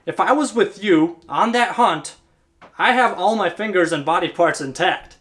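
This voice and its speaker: A man voicing an easygoing, always-optimistic servant in a story he tells, speaking calmly and reassuringly. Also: sits high, moderate pace. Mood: reasoning. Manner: laid-back, easygoing reassurance. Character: unflappable cheerful male servant.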